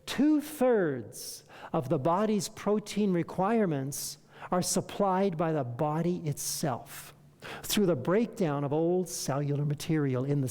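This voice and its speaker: A lecturer speaks to a room with a mellow, relaxed tone that carries a long hall reverb. The delivery is animated, full of rhetorical questions and acted-out exchanges with patients. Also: medium pitch. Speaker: health lecturer. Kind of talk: lecture to an audience.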